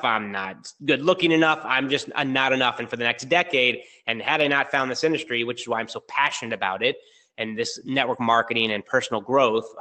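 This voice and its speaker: Energetic male business coach, 30s, bright voice, storyteller. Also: mid-range voice. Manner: energetic storytelling, acting out both sides of a dialogue. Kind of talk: motivational webinar talk.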